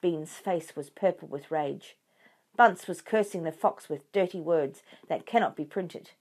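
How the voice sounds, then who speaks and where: A woman reading a children's book aloud in a clear, expressive way. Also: fairly low pitch, measured pace. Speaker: storyteller for children.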